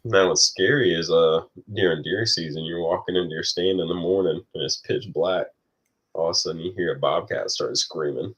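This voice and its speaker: A man's voice: low voice, brisk, fairly bright tone, slightly rough, muffled recording. A man co-hosting a podcast, chatting casually with dry joking asides. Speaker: podcast co-host. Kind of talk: casual chat.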